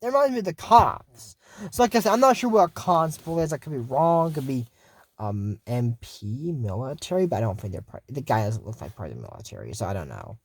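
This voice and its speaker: Man host, chatty rambling cartoon recap, dry close sound, mid pitch. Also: sing-song, a little fast, slightly rough, dry recording. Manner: rambling, meandering asides. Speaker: video host. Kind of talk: casual cartoon episode recap.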